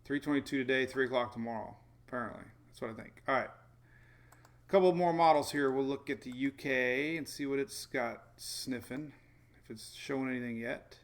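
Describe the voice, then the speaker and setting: A man with a gravelly, creaky voice chats loosely through a weather stream. He rambles, chuckles often and answers viewers by name as he works through the maps. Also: medium pitch, normal speed. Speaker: weather show host. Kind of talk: casual livestream weather talk.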